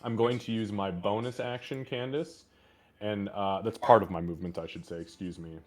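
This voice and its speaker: A man's voice: fairly low pitch, normal speed. A man playing a tabletop game, talking casually, explaining his moves with frequent swearing. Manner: crude, swears often, animated.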